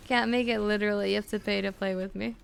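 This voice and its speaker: A woman streamer chatting casually with her viewers, talking with vocal fry and lots of fillers. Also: mid-range voice, a little hiss or hum. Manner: chatty, answers chat with fillers and laughs.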